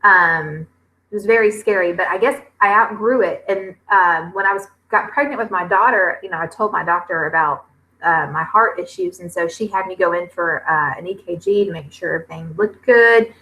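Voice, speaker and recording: A chatty woman, reading viewer comments on a casual livestream. Her voice is bright and forward, and she fills her talk with ums and pauses. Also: fairly low pitch, rough recording. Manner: chatty, with many fillers and drawn-out pauses. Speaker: homestead vlogger hosting a livestream.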